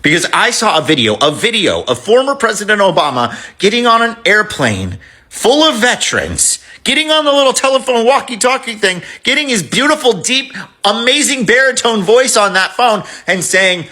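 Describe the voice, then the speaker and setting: A man's voice: high-pitched, very animated, normal speed, bright, forceful tone. A man giving an emotional, impassioned reaction monologue, swearing as he talks. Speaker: commentator reacting to a video.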